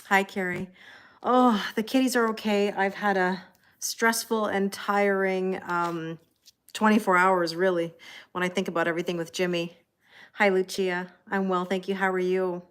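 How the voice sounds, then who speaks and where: A woman's voice: mid-range voice, steady tone, normal speed, clear, resonant tone. Tired, chatty Canadian woman. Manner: chatty, greets viewers by name, frequent ums and light laughs. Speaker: tarot reader hosting a livestream. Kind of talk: casual livestream chat.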